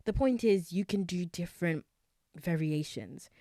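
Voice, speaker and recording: Woman host, young, low voice, dry close sound, chatty with many fillers, casual solo podcast. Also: animated, a little slow, dark tone, no room sound.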